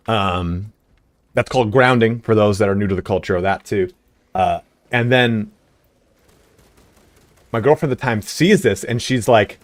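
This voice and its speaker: A man's voice: lowish voice, expressive, normal speed, long pauses, no echo. A man streaming a game live, telling a rambling story full of fillers, swearing and laughs. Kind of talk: casual storytelling while gaming live.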